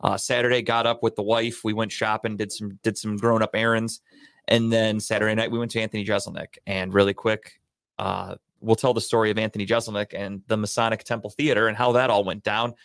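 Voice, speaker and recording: Guy on a podcast rambling thru a story, swears a lot, kinda low voice. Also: brisk, creaky, no echo, studio quality. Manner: profane, animated storyteller. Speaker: podcast co-host. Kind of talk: casual storytelling chat.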